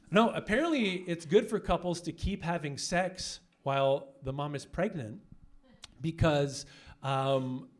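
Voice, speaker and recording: A young man works a comedy club crowd in a slightly high voice. He is brash and profane, shifting into animated storytelling. A faint hiss sits under the handheld-mic stage recording. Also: takes it slowly. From Canada. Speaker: stand-up comedian. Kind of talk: stand-up comedy set.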